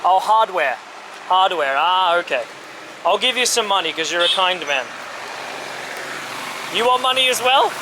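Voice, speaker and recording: A man with a fairly high voice chats his way through a travel vlog, upbeat and easygoing, slowing down and keeping his words simple when he talks to locals. He is recorded outdoors on a handheld camera mic. Steady street noise and passing vehicles sit loudly behind him. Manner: upbeat, chatty, speaks slowly and simply to locals. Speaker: travel vlogger. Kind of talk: casual travel vlog chat. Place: outdoors at a street-side car yard.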